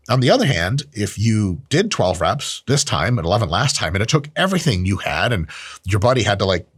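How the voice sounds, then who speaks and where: A man giving a casual, animated training explanation, full of swearing and jokes. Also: mid-range voice, husky, dry recording, clean studio sound. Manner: animated, profane, jokey. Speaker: strength training educator.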